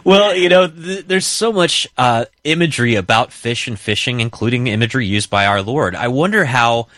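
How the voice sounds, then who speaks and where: A man hosts a faith talk show with a bright, forward voice. He talks in a chatty way, full of fillers, as he leads his guest through questions. The sound is dry and close. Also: medium pitch, animated, normal speed, dry recording. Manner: conversational, with frequent fillers. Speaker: host.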